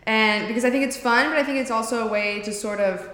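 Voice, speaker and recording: A woman's voice: on the high side, quick pace, fairly bright tone, reverberant, in a large hall. A woman blogger who is a guest on a talk show, talking in a breezy, confident, casual way.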